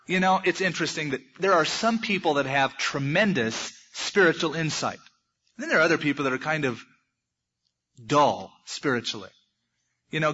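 Male preacher, folksy storyteller with jokes, higher voice, dull lo-fi sound. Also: bright, forceful tone, slightly rough. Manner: folksy storytelling with humorous asides. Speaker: pastor. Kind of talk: sermon.

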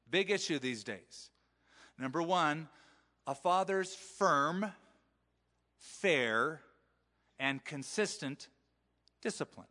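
A male pastor with a bright, forceful voice preaches in a conversational way, slipping into the voices of parents as he talks. His voice is pitched a little high for a man. The sound carries a long reverb from a church hall. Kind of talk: sermon. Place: church sanctuary.

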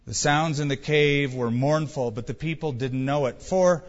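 A man's voice: fairly high pitch, normal speed. A male pastor preaching a sermon in a conversational storytelling way, asking rhetorical questions, in a church. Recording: reverberant church hall, dull sound.

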